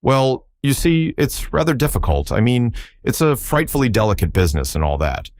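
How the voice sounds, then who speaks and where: A man's voice: medium pitch, big pitch swings, moderate pace, darkish tone, no echo, clean studio sound, voice pushed up, close to an everyday voice. A man voicing a nervous, apologetic upper-class young man who stammers and bumbles through his words. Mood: flustered.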